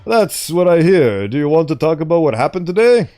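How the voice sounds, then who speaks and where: A patient clinical psychologist, voiced by a man reading a story aloud asks gentle, soothing questions. His fairly high voice moves freely through its range, with faint music underneath. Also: very animated, fairly quick.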